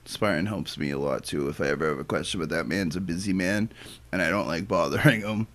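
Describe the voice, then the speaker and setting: A man's voice: low-pitched, brisk, a bit bright. A man chatting as a podcast guest, easygoing and rambling with lots of "you know what I mean.". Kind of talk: casual chat.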